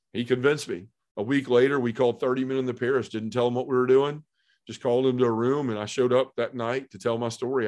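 A middle-aged man earnestly telling his personal testimony in conversation, acting out the voices he quotes and dropping to a hush at emotional moments. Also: medium pitch.

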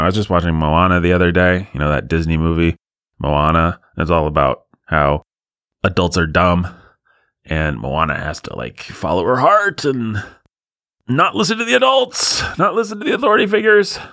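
A male podcast host rambles on his own in a studio, sarcastic and quick to mock himself. His intonation rises and falls a lot. The sound is dry and close to the mic. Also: sits low, fairly bright tone, no echo. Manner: sarcastic, self-deprecating, rambling. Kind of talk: solo podcast riffing.

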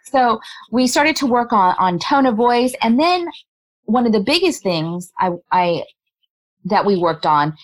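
A woman in a remote interview, a body language specialist, explaining her points in a lively way and laughing often. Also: on the high side, a little slow, low-quality recording. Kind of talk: conversational interview.

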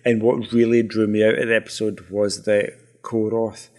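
Male podcast co-host, lowish voice, wry and chatty, easy laugh. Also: level tone, moderate pace, a little mellow. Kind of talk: casual chat.

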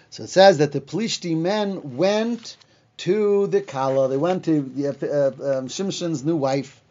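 Male teacher with a high voice, casual Bible lesson, chatty with fillers, dull lo-fi recording. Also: darkish tone. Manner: retells the story in plain words, acting out the lines with frequent fillers.

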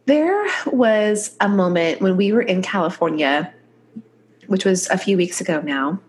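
A woman's voice: medium pitch, lively intonation, unhurried. A woman chiropractor co-hosting a podcast, chatting easily and laughing, her voice stuffy from a cold. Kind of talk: conversational podcast chat.

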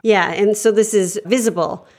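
A woman co-hosting a comedy podcast, trading dry, deadpan absurd ideas in improvised banter. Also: mid-range voice, normal speed. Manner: puts on a mock 1940s transatlantic accent. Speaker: podcast co-host.

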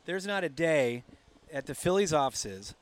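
A middle-aged man hosting a podcast, telling stories in a lively, casual way and laughing often. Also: a little high, unhurried. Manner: animated storyteller, laughs often. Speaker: podcast host. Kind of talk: casual chat.

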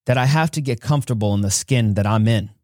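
A man's voice: fast talker, a little mellow, no echo, studio quality. A man hosting a podcast, telling a personal story with emphasis and acting out the voices of those in it. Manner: emphatic, acts out childhood dialogue with rising pitch. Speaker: podcast host.

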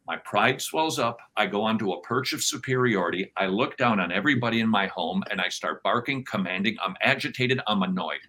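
A man with a lowish voice and a bright, forceful edge talks as a podcast guest. He teaches with a sermon-like drive, piling up emphatic phrases and slipping into little acted-out voices when he quotes people. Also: animated, brisk, few pauses, low-quality recording. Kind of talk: conversational interview, sermon-like teaching.

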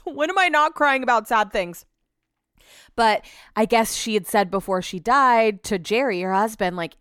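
Chatty woman podcast host, smooth voice. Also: mid-range voice, a bit bright, no echo, clean studio sound. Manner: chatty, rambling, lots of "like". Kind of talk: casual solo chat.

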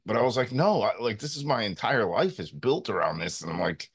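A man in his thirties co-hosting a sports talk show, telling stories in a rambling, animated way with many fillers. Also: mid-range voice, fairly quick, creaky, hardly any pauses, slightly rough. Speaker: sports radio co-host.

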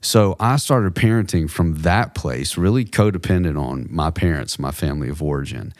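Deep low guy cohosting a podcast, thoughtful, a bit joking, dry close mic. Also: normal speed, a little mellow, no room sound. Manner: reflective, personal storytelling with light humor. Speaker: podcast co-host. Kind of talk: casual conversation on a faith-based podcast.

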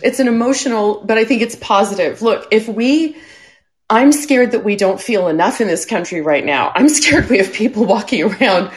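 A woman's voice: medium pitch, lively intonation. Tearful woman speaking earnestly on stage. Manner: earnest, apologetic, halting. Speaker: audience member speaking on stage. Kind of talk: emotional public remarks. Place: live stage event.

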